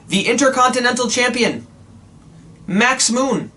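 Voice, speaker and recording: A man reviewing old wrestling shows in a casual, sarcastic rant, swearing often and jumping into high mocking quotes. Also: moderate pace, far from the mic. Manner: animated, sarcastic, profane, jumps to high squeaky quotes.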